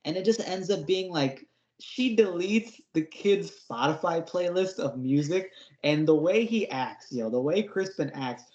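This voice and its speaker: A man's voice: fairly high pitch, animated, a little slow, a little mellow. A man co-hosting a podcast, giving a casual, slangy review rant, exasperated and mocking. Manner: exasperated, slangy, mocking with put-on whiny voices. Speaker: podcast co-host reviewing horror episodes. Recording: roomy, dull lo-fi sound.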